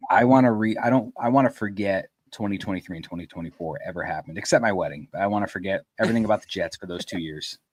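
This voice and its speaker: A man with a lowish voice trades blunt football opinions on a podcast. The sound is dry and close, with no room around it. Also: fast talker, hardly any pauses, no room sound. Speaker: podcast co-host. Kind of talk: casual sports chat.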